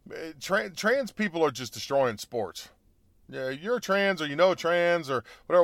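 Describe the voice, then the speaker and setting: A man with a high-pitched voice delivers ranting political commentary, heated and mocking. He stumbles, restarts and bursts into loud emphatic peaks. The sound is dry and close, with no room around it. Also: dry recording. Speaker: commentary show host.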